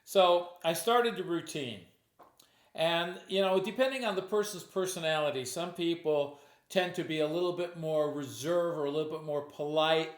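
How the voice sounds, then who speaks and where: Guy with a slightly high voice telling a story from his hypnosis shows, casual and chatty, roomy echo. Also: moderate pace. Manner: conversational, with restarts and acted quotes.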